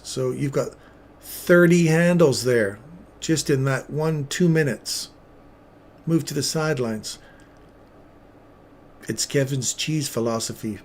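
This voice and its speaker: A man hosts a live trading stream in a casual, upbeat voice at an ordinary pitch. He chats with viewers by name while he talks through the charts. A faint background hum sits under the recording. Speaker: trading livestream host.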